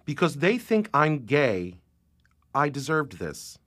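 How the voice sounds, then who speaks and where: A man voicing a shaken young man, very deep. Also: moderate pace, no echo, studio quality. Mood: anguished. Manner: tense, fragmented confessional delivery. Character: young man shaken after being outed and assaulted. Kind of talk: spoken word drama.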